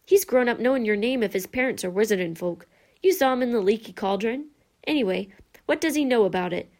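A woman reader voicing a gruff, big-hearted giant groundskeeper who drops his g's and talks in a hearty, folksy way. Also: a little high, a little mellow, close to an everyday voice.

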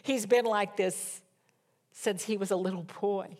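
A woman delivers a sermon in a mid-pitched voice. She reads scripture with drama, building to loud emphatic peaks, then dropping to hushed whispers. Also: fairly even intonation, unhurried. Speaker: preacher.

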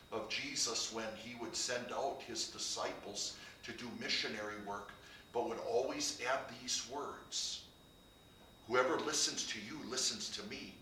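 A man's voice: medium pitch, bright, forceful tone, a little hiss or hum. A man preaching a sermon, building to emphatic, rising passages. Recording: echoey room, heard from a distance.

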